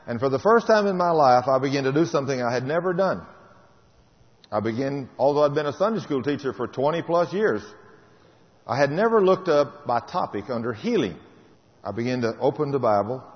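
A man delivers a testimony sermon as a story, his voice rising loud and then dropping quiet. He has a medium pitch. A long hall reverb trails behind the dull, lo-fi sound. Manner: dramatic, storytelling, swings between loud and soft. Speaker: preacher giving a testimony.

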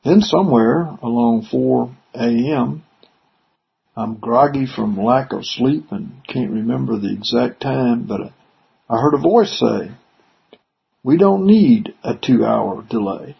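Man, gravelly, very husky voice, slow delivery, lo-fi muffled recording, bible teaching. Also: mid-range voice. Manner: reads verses then explains them conversationally. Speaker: preacher. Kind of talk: scripture reading and commentary. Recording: dull lo-fi recording.

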